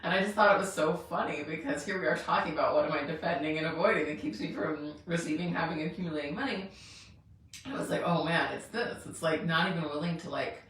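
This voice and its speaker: A woman's voice: low-pitched, steady tone, fast talker, fairly bright tone, very echoey, recorded from a distance, a little hiss or hum. A middle-aged woman hosting a live money challenge in a chatty, rambling way, laughing often and greeting viewers by name. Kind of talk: casual live-stream chat.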